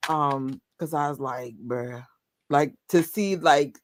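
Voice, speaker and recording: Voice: mid-range voice, slow, a little hiss or hum. A co-host in casual chat, telling stories animatedly with laughter and quoted reactions.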